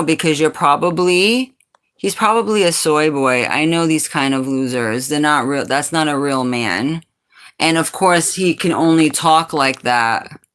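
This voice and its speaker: A woman from New England with a low, sultry voice chats casually on a livestream. She is sassy and answers her chat's comments directly. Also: a bit bright. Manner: sassy, talks back to chat comments. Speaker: livestream host.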